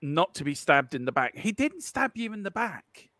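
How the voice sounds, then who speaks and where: A man's voice: sits high, big pitch swings, normal speed, pushed and bright, dry recording. A man with a Cork Irish accent, co-hosting a live football stream, teasing and laughing through rambling banter full of fillers. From Ireland. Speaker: co-host of a football watchalong stream.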